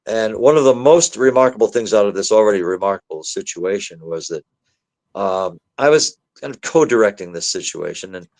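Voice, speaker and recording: A man's voice: lowish voice, a little fast, no echo, low-quality recording. A man, a demonologist guest, telling his story in a podcast interview and acting out the voices he quotes. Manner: animated, acts out the voices he quotes.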